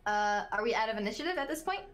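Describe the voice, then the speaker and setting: A woman's voice: a little high, expressive, racing, fairly bright tone, faint music behind. A woman playing a tabletop role-playing game, talking casually and giggling as she describes her actions. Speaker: player.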